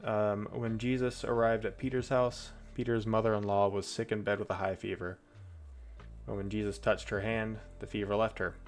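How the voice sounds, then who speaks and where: A man's voice: fairly low pitch, flat delivery, normal speed, soft background music. A man streaming, reading Bible passages aloud and breaking off into chatty, loose asides. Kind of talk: casual Bible reading with commentary.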